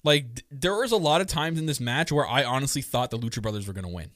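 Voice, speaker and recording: Male podcast co-host, excitable and jokey, recorded close and dry. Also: mid-range voice, quick pace, dry recording. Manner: excitable, joking, many restarts. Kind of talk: casual wrestling chat.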